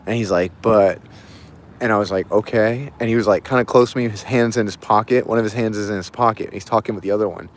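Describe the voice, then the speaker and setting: A man's voice: lowish voice, fairly even intonation, fast talker, a little hiss or hum. A man livestreaming, casually telling a long story in a rambling way, full of "like" and repeated phrases. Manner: rambling, repeats himself, lots of "like".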